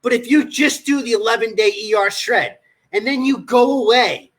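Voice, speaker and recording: A man's voice: very high-pitched, moderate pace, a bit bright. A man hosting a livestream, coaching in a blunt, profane, scolding manner. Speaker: nutrition coach.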